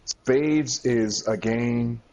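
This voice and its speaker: A young adult man chatting casually on a game stream, a profane, animated storyteller. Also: mid-range voice, very slow. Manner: animated storyteller, profane, acts out quotes loudly.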